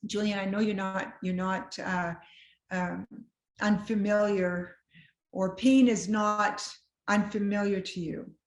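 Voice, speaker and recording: A woman guest telling a personal story with lively, self-deprecating humor, acting out what people said. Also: mid-range voice, takes it slowly. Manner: acts out quoted dialogue. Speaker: guest sharing a personal testimony. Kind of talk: conversational storytelling. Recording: roomy echo.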